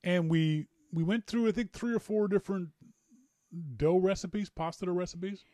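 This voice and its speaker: A man hosting a tech podcast in casual chat, animated and rambling, with jokes and repeated words. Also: high voice, normal speed, no room sound. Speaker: podcast host.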